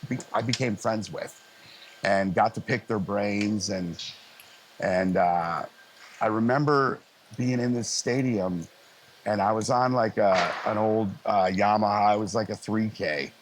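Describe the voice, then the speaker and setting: A middle-aged man, a live sound engineer, telling lively, easygoing stories in a casual interview and acting out other people's lines. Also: on the low side, a little slow, slight background noise. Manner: animated anecdotes, acting out others' lines in a raised voice; frequent fillers and restarts, easygoing.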